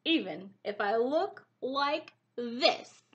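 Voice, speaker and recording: A woman's voice: a little high, animated, very slow, lo-fi sound. A woman reading a soothing mother hen. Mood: tender. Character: gentle patient mother hen.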